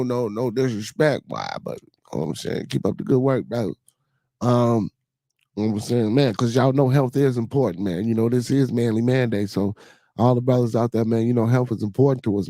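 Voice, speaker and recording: A man's voice: mid-range voice, vocal fry, warm tone, no echo. A man hosting a casual livestream chat, talking in a loose, rambling way with many fillers and a Chicago accent. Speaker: podcast host.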